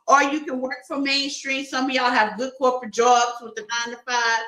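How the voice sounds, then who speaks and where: Chatty tarot reader lady, high bright voice, playful, laughs a lot, echoey room. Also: level tone, a little fast. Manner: playful, laughs often, talks to viewers as friends. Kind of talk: casual tarot reading stream.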